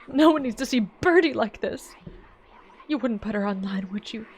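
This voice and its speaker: A woman voicing a gruff, protective older male farmer with a Southern accent. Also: medium pitch, moderate pace.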